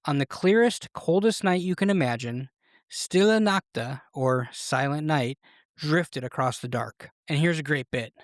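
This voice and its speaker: A podcast host telling a history story in a playful, animated way, with a scripted storytelling style. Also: mid-range voice, measured pace, no room sound, studio quality.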